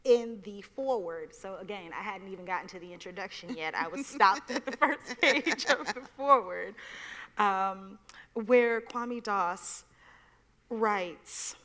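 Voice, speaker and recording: A woman moderating a festival panel, thoughtful and measured in her questions. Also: mid-range voice, fairly bright tone. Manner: thoughtful, reads a passage aloud. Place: festival stage. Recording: long reverb of a hall.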